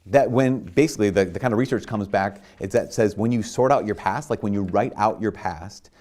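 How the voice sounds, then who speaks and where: A man's voice: on the low side, fairly quick, darkish tone. A man, a priest, giving a sermon in a conversational way, full of restarts and "like", at times rising to emphatic bursts.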